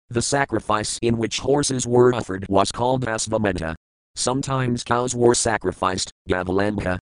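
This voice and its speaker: A man giving a measured, scripted reading of verses, word-by-word meanings and commentary. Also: fairly low pitch, smooth, no room sound, low-quality recording. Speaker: scripture reader.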